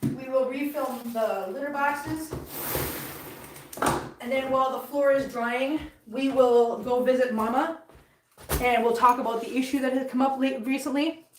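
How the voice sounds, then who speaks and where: A woman's voice: high voice, steady tone, unhurried, reverberant, recorded from a distance, noisy background. A woman vlog host chatting casually as she cleans at home, rambling along and cooing to her cats. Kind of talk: casual chat while cleaning. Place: home, indoors.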